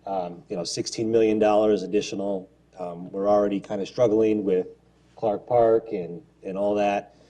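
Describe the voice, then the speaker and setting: A man's voice: lowish voice, steady tone, moderate pace, warm tone. A man on a city council giving his view in a meeting, hesitant with many fillers but firm in his stance. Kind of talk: council debate.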